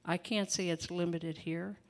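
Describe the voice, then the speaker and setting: An older woman with a somewhat low voice delivers a relaxed sermon. She talks in a homey, conversational way, full of asides and easy laughter. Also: a little slow. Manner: chatty, laughing, folksy asides. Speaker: preacher. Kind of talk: informal sermon.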